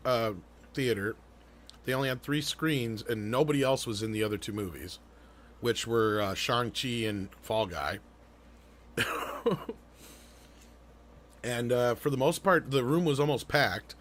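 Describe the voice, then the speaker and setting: Rambling casual male podcast host. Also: mid-range voice. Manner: rambling, swears casually, frequent fillers and restarts. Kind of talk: casual live-stream chat.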